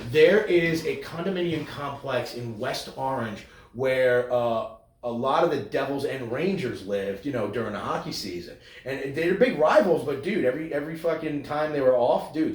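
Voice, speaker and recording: A man co-hosting a podcast, swearing a lot and slipping into loud mocking impressions. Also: mid-range voice, moderate pace, reverberant. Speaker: podcast co-host. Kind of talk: crude casual banter.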